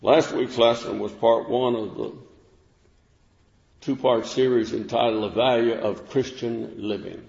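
A man preaching a sermon in a folksy, unhurried way, with fillers and restarts. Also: medium pitch, fairly even intonation, vocal fry, darkish tone. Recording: echoey room with long reverb, dull lo-fi sound.

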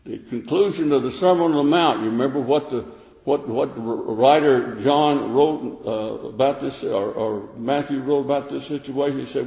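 A man's voice: mid-range voice, normal speed, creaky, a little mellow. A man preaching a sermon in plain, repetitive speech, reading King James verses aloud. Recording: echoey hall, dull lo-fi sound.

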